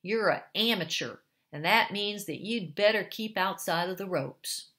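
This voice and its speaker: A woman's voice: medium pitch, measured pace, a bit bright, lightly acted. A woman voicing a pessimistic male ex-boxer turned tramp, talking blunt street slang. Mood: gloomy.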